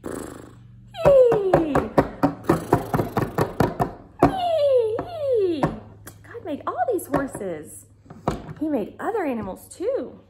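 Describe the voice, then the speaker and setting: A woman's voice: high-pitched, huge pitch swings, measured pace, very noisy. A woman teaching a Bible class to small children from home, in a sing-song, exaggerated way with songs and animal sounds.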